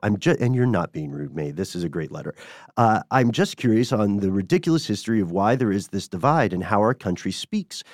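A man from Tennessee with a lowish voice co-hosts a podcast in relaxed, thoughtful chat. He often breaks into laughter. The recording is dry and close to the mic. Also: no echo. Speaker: podcast co-host.

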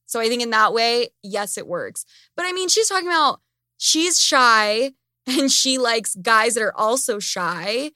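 A young woman hosting a casual podcast chat, animated and candid, swearing freely. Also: a little high, a little slow, no echo, studio quality. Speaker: podcast host.

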